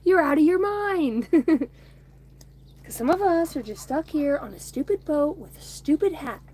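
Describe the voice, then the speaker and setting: A woman's voice: high voice, expressive, measured pace, darkish tone. A woman in her thirties hosting a casual card-reading chat on a phone outdoors, rambling, swearing and laughing between remarks. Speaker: oracle card reader streaming to viewers. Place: outdoors by a bonfire at home.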